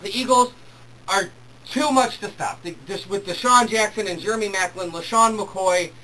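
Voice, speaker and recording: A young man hosting his own sports talk show, reading emails and ranting excitedly about football. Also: high voice, moderate pace, a little hiss or hum. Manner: excitable, worked up when ranting. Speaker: host. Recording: distant mic with faint room ambience.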